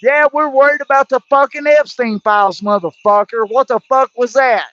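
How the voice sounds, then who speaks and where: This man's voice is very high and fairly bright, moving at a moderate pace over dry, dull lo-fi livestream audio. Hosting the stream, he rants heatedly about politics, cursing a lot and tripping over restarts.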